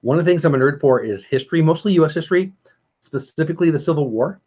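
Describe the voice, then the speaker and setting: Husky-voiced man chatting on a livestream. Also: a little high, lively intonation, fast talker. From California. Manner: chatty, rambling, warmly greets viewers by name. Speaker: livestream host. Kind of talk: casual livestream chat reading viewer comments. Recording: slightly dull lo-fi stream audio.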